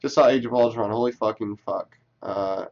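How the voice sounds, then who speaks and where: A man's voice: lowish voice, moderate pace, gravelly, muffled recording. A man reading tweets aloud and talking back to them in casual, sarcastic, profane commentary. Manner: sarcastic, profane, talks back to what he reads.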